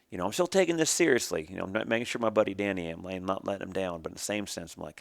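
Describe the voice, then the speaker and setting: A man's voice: low voice, very fast, creaky, hardly any pauses, dry recording. A middle-aged man from Oregon telling the story of his roping career in a casual, rambling way, full of restarts. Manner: rambling, restarts, plain country talk.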